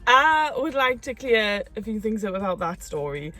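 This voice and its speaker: A young woman, telling a story in a casual chat, animated and quick to laugh. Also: medium pitch, soft background music. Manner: animated, laughing, acts out quotes. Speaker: co-host of a couple's channel.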